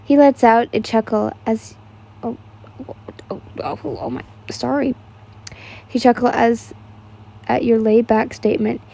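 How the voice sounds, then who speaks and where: Mellow young woman reading fan fiction. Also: a little high, steady tone, a little slow, creaky, long pauses. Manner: casual, stumbles and laughs at the text.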